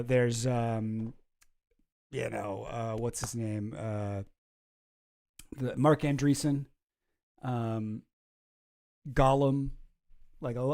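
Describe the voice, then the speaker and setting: Chill guy rambling on his stream, mellow voice, laughs a lot. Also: mid-range voice. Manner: rambling and chuckling, reacting to chat. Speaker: streamer host. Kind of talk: casual livestream chat.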